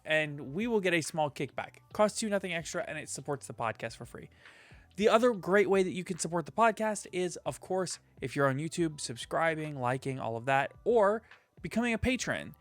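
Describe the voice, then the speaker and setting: Upbeat man hosting a podcast, a bit high. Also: animated, moderate pace, no room sound, soft background music. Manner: upbeat, jokey, rattling off lists of names. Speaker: podcast host. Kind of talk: casual podcast chat and sponsor reads.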